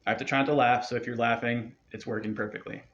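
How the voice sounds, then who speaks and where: A man's voice: medium pitch, steady tone, quick pace, fairly bright tone. A man teaching a chanting practice, talking loosely and encouragingly, with many fillers and restarts. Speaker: meditation teacher. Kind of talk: casual spoken instruction. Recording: dull lo-fi sound.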